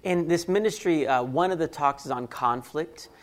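A man's voice: on the high side, normal speed. Candid man telling a marriage story. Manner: candid, self-deprecating, acts out quoted thoughts. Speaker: speaker sharing a marriage story. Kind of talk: personal storytelling talk.

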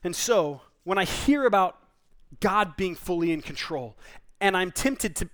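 A man's voice: sits high, lively intonation, measured pace, fairly bright tone. A man, a pastor, preaching a conversational sermon in an earnest, informal way, often restarting and repeating words.

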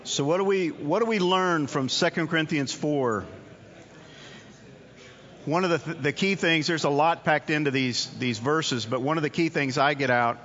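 A man's voice: fairly high pitch, fairly bright tone. A man preaching a sermon in an earnest, conversational way, often repeating his key phrases. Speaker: pastor. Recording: dull audio with long hall reverb.

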